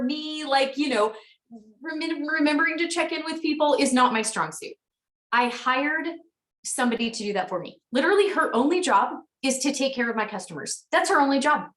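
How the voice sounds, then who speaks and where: A woman in her thirties leads a motivational sales team call, chatty and frank with an encouraging push. Her voice sits a bit high. She sounds distant from the mic, in a room with a lot of echo. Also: a bit bright.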